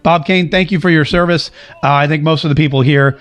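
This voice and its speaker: A man's voice: a little high, steady tone, a bit bright. A man from the United States hosting a political talk show, joking and sarcastic as he reads viewer comments. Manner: sarcastic, joking, quick asides.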